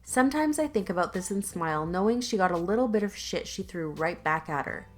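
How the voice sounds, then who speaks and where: A woman's voice: lowish voice, expressive, brisk, soft background music. A woman narrating online stories aloud in a conversational, lightly sarcastic reading style, with casual asides. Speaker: YouTube story narrator.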